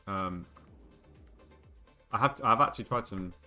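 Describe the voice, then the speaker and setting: A man in his twenties with a fairly low voice talks casually to his live-stream chat. He rambles and jokes between gameplay remarks, with faint music playing behind him. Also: measured pace, pushed and bright. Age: 20s. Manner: joking, rambling banter with chat. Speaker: game streamer.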